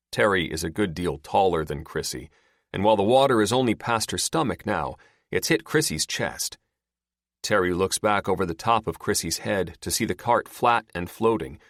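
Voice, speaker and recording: A man reads fiction aloud in a low voice. His pitch moves a lot as he tells the story, and the recording is dry and close. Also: moderate pace, no room sound. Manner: expressive storytelling. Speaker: audiobook narrator. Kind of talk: scripted narration.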